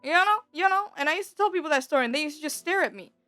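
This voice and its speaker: A high-voiced young woman telling a story in a relaxed chat, laughing often as she acts out each scene. Her voice sits close and dry on the mic. Soft music plays faintly underneath. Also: very fast, no room sound.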